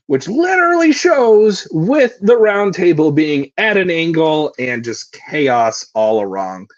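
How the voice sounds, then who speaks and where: A man's voice: fairly high pitch, sing-song, slow pace, few pauses, dry recording, dull audio. A man hosting a live stream, reading manga aloud and sharing thoughts with giggly, thinking-aloud asides. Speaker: reaction stream host.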